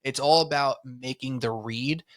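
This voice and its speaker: Young male podcast co-host, mid-pitched, laid-back and slangy, casual sports banter. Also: measured pace, a bit bright.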